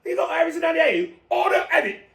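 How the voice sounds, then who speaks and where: A man voicing rowdy male bar patrons who shout their orders high and loud over a crowd. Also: very animated, rapid-fire, heavily acted. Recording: roomy, distant mic.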